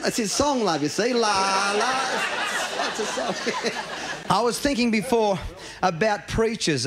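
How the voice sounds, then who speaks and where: An Australian man doing stand-up, telling jokes cheekily and chuckling between punchlines. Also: sits high. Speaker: stand-up comedian.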